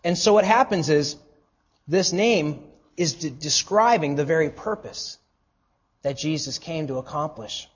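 Husky-voiced preacher with high, emphatic delivery. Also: male voice, lively intonation, measured pace, lo-fi sound. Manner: earnest preaching with emphatic rises and hushed drops. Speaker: pastor. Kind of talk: sermon.

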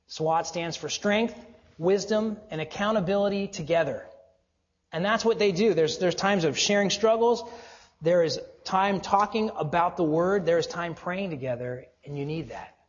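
A male pastor preaching a sermon, earnest and exhorting, often dropping to a low, quiet voice for emphasis. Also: normal speed, in a large hall, highs cut off.

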